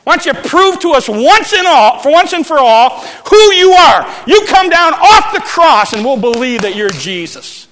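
Man acting out a taunting condemned thief, yelling high and bright, long hall echo. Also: very animated, normal speed, hardly any pauses, slight background noise, heavily acted. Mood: jeering. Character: jeering crucified thief, a grown man, mocking.

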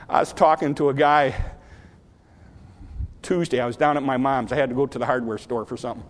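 A man preaching a sermon in a church, telling everyday stories in a folksy way, swinging between loud emphasis and soft asides. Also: mid-range voice, fairly even intonation, a little fast, pauses often, long reverb tail.

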